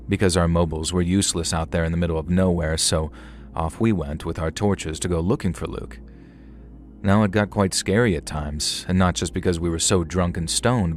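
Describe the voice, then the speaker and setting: Brief: male storyteller, very low voice, wry and conversational, scripted horror narration.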